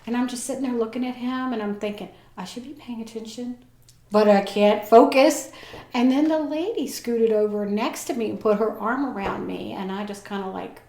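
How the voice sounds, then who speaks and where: A woman in her forties telling a personal story as a podcast guest, lively and acting out the people she quotes. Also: a little high, moderate pace. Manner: animated, acts out voices in her story. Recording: echoey room.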